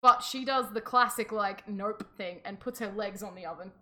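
A woman's voice: medium pitch, normal speed, bright, forceful tone. A woman co-hosting a podcast, retelling a folk tale in casual chat with playful, sarcastic asides. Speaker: podcast co-host.

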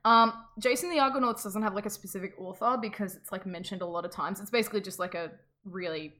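A woman's voice: mid-range voice, quick pace, sharp tone. A young Australian woman co-hosting a podcast in a rambling, casual chat with frequent laughs. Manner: chatty, rambling, laughs often. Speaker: podcast co-host.

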